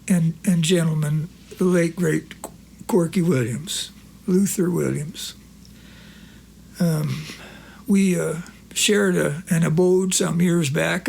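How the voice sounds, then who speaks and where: A man's voice: high voice, creaky, darkish tone, a little hiss or hum. A man performing as a cowboy poet, reciting rhymes and telling stories on stage in a folksy drawl full of rural slang.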